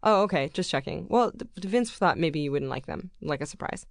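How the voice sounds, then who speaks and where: A young woman co-hosts a casual podcast chat, her pitch leaping around as she acts out other people's lines. She swears freely, and the recording is dry and close. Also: a little fast, gravelly, no echo. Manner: animated, acts out quoted voices, swears casually. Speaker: podcast co-host.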